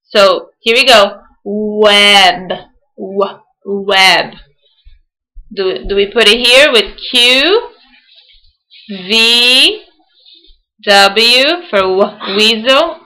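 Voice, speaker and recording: Woman teacher for a kids' phonics video, slow and patient, bright tone. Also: mid-range voice, animated, poor audio. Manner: slow, patient, sounding words out. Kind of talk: early-years phonics lesson.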